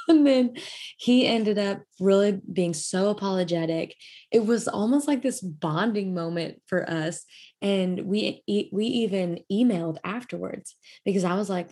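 A woman's voice: mid-range voice, measured pace, dark tone, slightly rough. A young woman hosting a podcast, telling a personal story in a chatty way with lots of fillers and frequent laughs. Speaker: podcast host. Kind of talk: casual storytelling chat.

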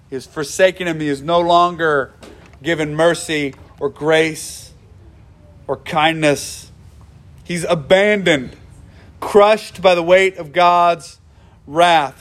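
A man preaching a sermon as pastor, conversational, with asides and self-corrections. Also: high voice.

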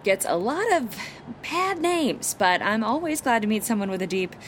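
A woman's voice: fairly high pitch, big pitch swings, normal speed, slight background noise. A woman playing a flustered sad German man. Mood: awkward. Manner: flustered, stammering. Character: hapless young German man, awkward and sad.

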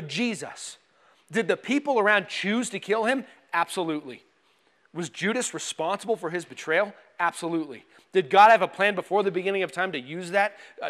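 A man with a notably high voice preaches a sermon in a relaxed, conversational way. He pokes fun at himself and acts out quick inner voices, some panicked and some calm. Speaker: pastor.

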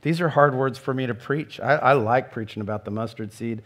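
A man's voice: medium pitch, fairly quick, fairly bright tone. A middle-aged man preaching a sermon in an earnest way, rising into emphatic questions. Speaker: pastor.

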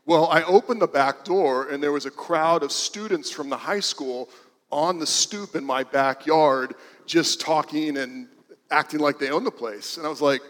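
A man's voice: a little high, moderate pace, a bit bright, in a large hall. A man preaching a sermon in a church, telling stories in a casual, conversational way with frequent restarts. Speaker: pastor. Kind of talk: sermon storytelling.

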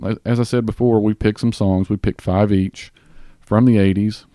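A man with a Southern US accent hosting a podcast in casual chat, rambling with fillers and restarts and talking a bit fast. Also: fairly low pitch, fairly even intonation, dark tone, no room sound, studio quality. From Southern US (Tennessee). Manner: talks a bit fast on mic. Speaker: podcast host.

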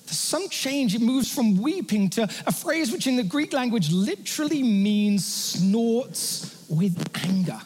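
A man's voice: extremely high pitch, very animated, normal speed, few pauses, slightly rough. A man preaching a sermon as a pastor, conversational and joking with the congregation. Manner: conversational, with humorous asides to the congregation. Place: church hall. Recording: long hall reverb.

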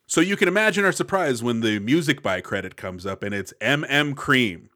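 A man's voice: medium pitch, lively intonation, moderate pace, sharp tone. A man co-hosting a movie podcast, telling stories with wry enthusiasm. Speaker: podcast co-host. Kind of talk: casual movie discussion.

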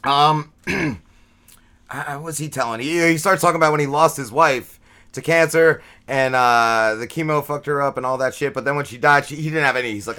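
Man, podcast co-host, bright tense tone, loose profane rambling recap. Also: mid-range voice, moderate pace. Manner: rambling, profane, many fillers and restarts. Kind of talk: casual episode recap.

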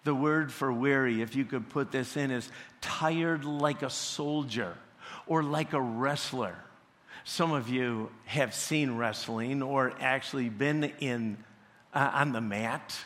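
A male pastor preaching a sermon at a slow, deliberate pace, building to emphatic peaks. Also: medium pitch, a bit bright. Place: church sanctuary. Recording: long church reverb.

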